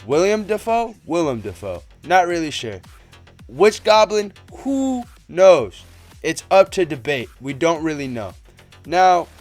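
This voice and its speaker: A young man giving casual, excitable commentary on a movie trailer, rambling and slangy. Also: on the high side. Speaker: movie trailer breakdown YouTuber.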